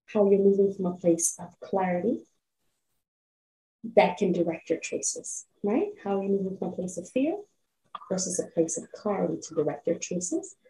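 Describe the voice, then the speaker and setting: A woman's voice: mid-range voice, expressive, normal speed, dark tone, distant mic. A woman hosting a motivational self-help podcast, who keeps checking in with "right?" and invites listeners to lean in. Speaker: podcast host. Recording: roomy echo, off-mic.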